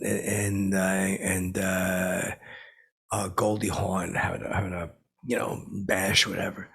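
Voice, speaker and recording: Using an exaggerated low voice with vocal fry, a breathy edge, and a bit of brightness, a man acts out a boastful, belligerent washed-up guy in a comedy podcast. The performance is rambling and halting, packed with fillers and restarts.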